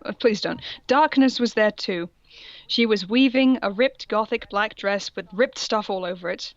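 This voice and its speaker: A woman's voice: medium pitch, normal speed, no room sound, dull audio. Woman mockingly reading aloud, laughing. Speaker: podcast co-host. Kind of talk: comedic reading of fan fiction.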